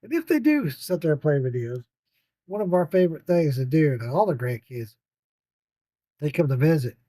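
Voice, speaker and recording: A man's voice: a little high, very animated, normal speed, dark tone, dry recording. An older man telling a rambling, profane story about his grandchildren, laughing often. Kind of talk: casual storytelling.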